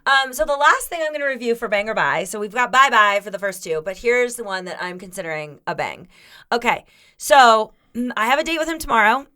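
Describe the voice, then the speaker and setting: A woman's voice: fairly high pitch, animated, a little fast, sharp tone. A woman co-hosting a podcast, rambling through a story in casual chat, swearing and laughing often. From Florida. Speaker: podcast co-host.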